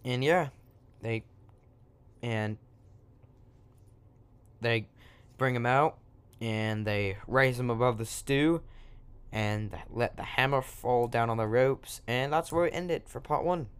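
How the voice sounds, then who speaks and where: A man's voice: medium pitch, slow, pauses often, clear, resonant tone. A man improvising a silly story in an offhand, joking way, breaking off into asides.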